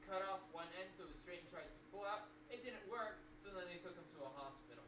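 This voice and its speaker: A chatty stream host swaps childhood stories with viewers, joking and breaking off mid-thought. The voice sits far from the mic in a roomy, echoing space. A clear layer of background noise runs underneath. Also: medium pitch, fast talker. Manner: talkative, jokey, trailing off and restarting. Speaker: livestream host. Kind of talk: casual chat to stream viewers. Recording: distant mic, echoey room, clear noise.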